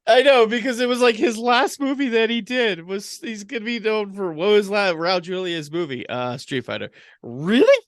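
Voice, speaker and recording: A man's voice: high-pitched, moderate pace, hardly any pauses, a bit bright, no echo, studio quality. A man co-hosting a casual podcast who says uh a lot and laughs easily. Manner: many uh fillers, laughs easily, upbeat. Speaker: podcast co-host.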